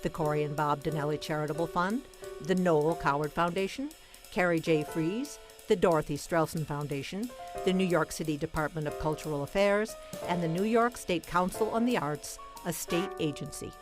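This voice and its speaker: A woman co-hosting a TV talk show, reading the sponsor credits in a measured, formal delivery. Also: low-pitched. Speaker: co-host. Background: music.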